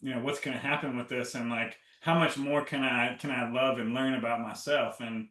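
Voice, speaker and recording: A man's voice: medium pitch, a little fast. A man speaking as a guest on a health interview, telling his story with energy and acting out his own inner voices. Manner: animated storytelling, acts out inner dialogue. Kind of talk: casual interview talk. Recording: roomy, from a distance.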